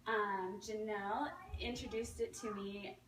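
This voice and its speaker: Speaking a little slowly and with fairly even intonation, a young woman with a medium-pitched voice tells a nervous testimonial story at a meeting, full of ums and acted-out quoted voices. Slight background noise is present, and she's recorded from a distance in an echoey room.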